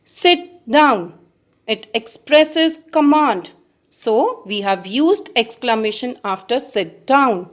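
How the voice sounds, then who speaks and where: A woman teacher with an Indian English accent, explaining grammar slowly to children and stressing the example words. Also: a little high, expressive. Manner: addresses children, reads examples with emphasis. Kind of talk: slow classroom explanation.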